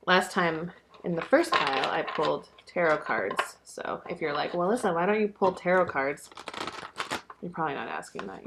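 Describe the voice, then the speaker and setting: A woman's voice: deep voice, noisy background. A young woman giving a casual tarot card reading, rambling and chatty, swearing now and then and filling her talk with "like". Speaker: tarot reader.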